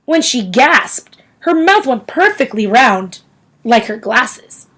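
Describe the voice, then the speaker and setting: A woman reading a novel aloud in an expressive storytelling manner. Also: on the high side, slow, husky, low-quality recording. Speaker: audiobook reader.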